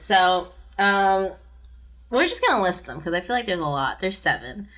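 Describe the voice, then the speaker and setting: A woman's voice: on the low side, very animated, moderate pace, fairly bright tone. A woman hosting a casual podcast, chatting loosely with lots of ums and likes. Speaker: podcast host. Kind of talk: casual chat.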